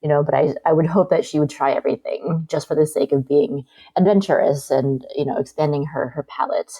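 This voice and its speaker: Woman, podcast guest, deep mellow voice, reflective chat. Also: fairly quick, breathy edge.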